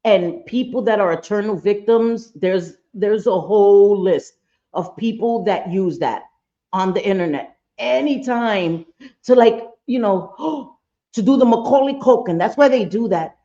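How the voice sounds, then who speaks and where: A woman's voice: mid-range voice, expressive, unhurried, dark tone, highs cut off. A woman hosting a live reaction stream, talking bluntly and profanely and getting fired up.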